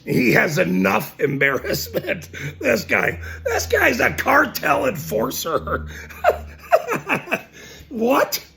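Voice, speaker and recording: A man's voice: high-pitched, wildly swooping pitch, slow pace, gravelly, sharp tone, slight background noise. A man ranting to camera, mocking and laughing between his lines and repeating his points emphatically. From Ireland. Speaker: citizen journalist.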